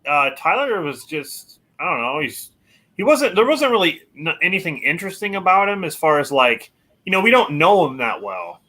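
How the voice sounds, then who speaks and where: A man with a bright, lively voice that rises and falls a lot, chatting hesitantly about movies. He restarts sentences often as he thinks aloud. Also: sits high, moderate pace. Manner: hesitant, full of restarts, animated. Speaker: podcast co-host. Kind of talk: casual movie review chat.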